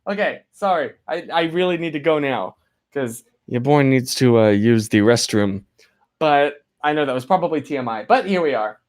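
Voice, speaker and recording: A young man with a fairly high voice hosts a casual livestream at a normal pace. He rambles and apologizes to viewers, uses plenty of filler words, and playfully reads chat names out loud.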